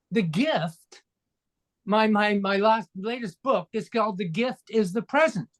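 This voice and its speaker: Man in his sixties, from Canada, interview guest, coach, emphatic, fervent, motivational. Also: sits high. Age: 60s. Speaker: guest, emotional coach and speaker. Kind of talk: interview conversation.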